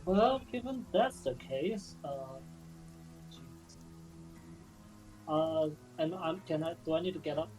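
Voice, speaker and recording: A man playing at a tabletop game, thinking out loud and hesitating as he decides. His voice is mellow and a touch high, his pace slow, with soft music behind. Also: animated, poor audio. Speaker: player.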